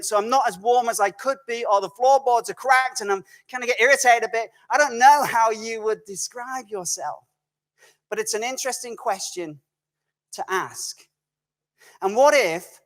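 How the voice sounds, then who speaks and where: In a recorded video message, a guest speaker with a high voice delivers a storytelling sermon. He tells stories in a conversational, animated way and often corrects himself mid-sentence.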